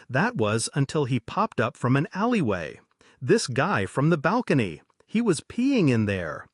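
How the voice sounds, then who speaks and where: Male horror narrator, husky, animated delivery, dry close mic. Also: medium pitch, dry recording. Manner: lively, dramatic storytelling. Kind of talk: scripted horror story narration.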